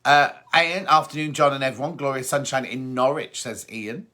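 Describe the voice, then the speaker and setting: Bright chatty man reading comments. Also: mid-range voice, normal speed. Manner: chatty, reads out comments and answers them. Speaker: host. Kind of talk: casual live-stream chat reading viewer comments. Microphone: phone.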